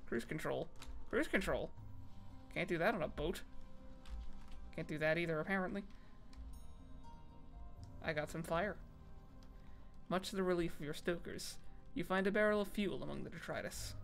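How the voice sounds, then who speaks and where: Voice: medium pitch, normal speed, vocal fry, long pauses, fairly bright tone, soft background music. A streamer reading game text aloud on a casual stream, often stumbling over words and making fun of themself.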